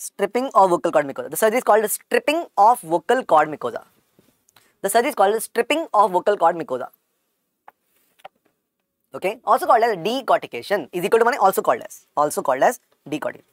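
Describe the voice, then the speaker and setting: A man's voice: high voice, very animated, fast, a bit bright, no room sound. A man with an Indian accent giving a medical exam-prep lecture, repeating every key point several times and calling his students "beta".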